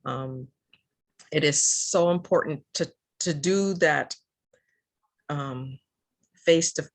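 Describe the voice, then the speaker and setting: Her voice sits low and she takes it slowly: an older Southern California woman appearing as a guest in a casual interview to advocate for EVs. She's earnest, using lots of fillers and restarting often.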